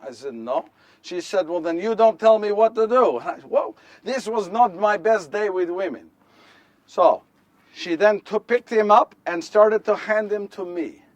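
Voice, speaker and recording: A man's voice: high voice, a little slow, no echo, far from the mic. A man performing a first-person monologue as Joseph, a nervous and earnest nineteen-year-old Jewish husband, telling his story in a wry, rambling way with repeated phrases. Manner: repetitive, wry storytelling with self-corrections. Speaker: solo stage performer. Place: live stage before an audience.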